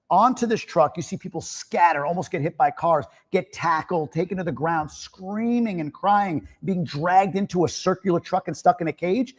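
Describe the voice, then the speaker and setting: A middle-aged man from the United States hosting a livestream, chatting casually and speaking his opinions in an animated way. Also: a little high, slightly rough. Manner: animated, opinionated, laughs and rises to near-shouting when joking. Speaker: livestream host. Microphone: streaming mic.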